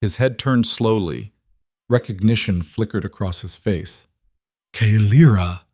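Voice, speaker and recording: Male storybook narrator, steady and dramatic, low and dry. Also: a little slow, no room sound. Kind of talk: scripted narration.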